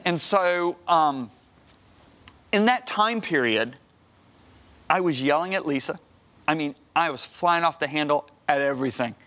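Animated man telling a story. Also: on the high side, a little slow, long pauses. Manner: energetic, repeats words, acts out dialogue. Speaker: preacher guest. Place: TV studio.

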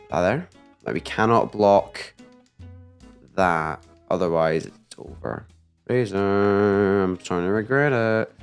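A man giving excited live gameplay commentary, talking to himself and shouting at his mistakes. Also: lowish voice, smooth. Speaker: gaming YouTuber.

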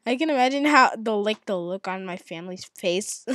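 A woman giving live commentary on her own gameplay at home, muttering to herself and then yelling at opponents in exasperation, with mild cursing. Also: animated, brisk, no room sound, clean studio sound. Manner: swings from low muttering to angry yelling at opponents. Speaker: gamer.

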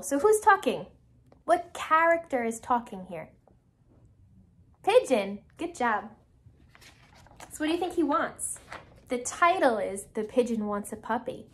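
A woman teacher reading a picture book aloud to children, asking them questions and encouraging answers. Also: sits high.

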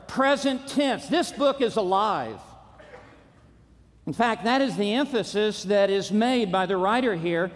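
A man preaching a conference sermon, driving his points home with punchy repetition and rising to shouts. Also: very high-pitched. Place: large auditorium. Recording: long reverb of a large hall.

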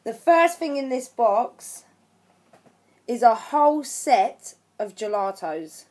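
A woman chatting through an unboxing on her craft channel, emotional, gushing with thanks and shaky with excitement. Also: a little high, slow pace. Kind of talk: unboxing vlog chat.

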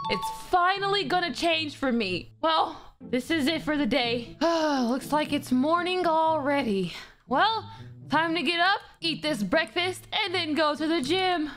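Bright, high, dramatic young woman. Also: animated, measured pace, faint music behind. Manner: whiny, dramatic, slangy. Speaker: roleplay voice actor. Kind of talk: voiced game roleplay.

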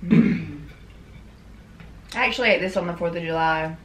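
A woman, co-hosting a casual mukbang, easygoing and quick to laugh while she eats. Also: lowish voice. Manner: easygoing, laughs often, talks while eating. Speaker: co-host. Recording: echoey room with faint noise.

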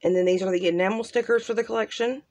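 A woman hosting a casual crafting unboxing, gushing softly and trailing off into quiet asides. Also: medium pitch, steady tone, fast. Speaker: crafting channel host. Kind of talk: casual unboxing show-and-tell.

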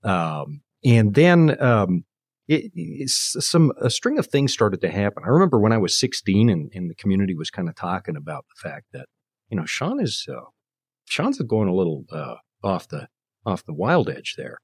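A Canadian man in his fifties, a guest preacher, shares his personal faith testimony as an interview guest, acting out the voices of people he quotes. His voice is lowish and husky with big pitch swings at normal speed, and the recording is studio quality with no room sound.

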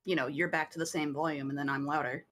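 A woman's voice: sits low, steady tone, quick pace, a bit bright. Teasing woman on a voice call. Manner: teasing, blunt, swears casually. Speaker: co-player on a call, moderator. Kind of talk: casual chat over a voice call.

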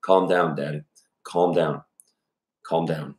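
A man's voice: rumbling low, steady tone, slow pace, darkish tone. A man voicing a frightened, tearful college-age woman who pleads near tears. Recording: echoey room.

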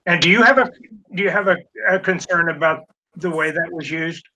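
A man moderating a panel discussion, halting and searching for his words. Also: a little high, pushed and bright. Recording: dull lo-fi audio.

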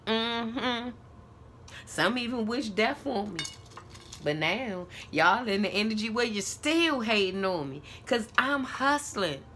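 A woman's voice: medium pitch, bright, forceful tone, slight background noise. A woman giving a tarot reading, talking in a sassy, emphatic way with lots of repeated call-outs. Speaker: tarot reader.

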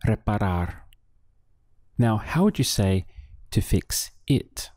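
A man teaching a Spanish lesson, slowly and patiently, with pauses for the listener to think. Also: on the low side, lively intonation, darkish tone, no echo, studio quality. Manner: slow, patient, with drill pauses. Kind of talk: audio language lesson.

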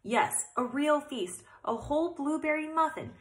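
A woman's voice: high-pitched, expressive, a little slow, roomy sound, voice pushed up. A woman voicing a cheerful, carefree mother mouse in a storybook read-aloud. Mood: happy.

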